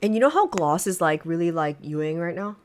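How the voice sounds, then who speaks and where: A young woman co-hosting a casual livestream podcast, playful and animated, gushing as she shows off beauty products. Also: on the low side, a little fast, slight background noise. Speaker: podcast co-host.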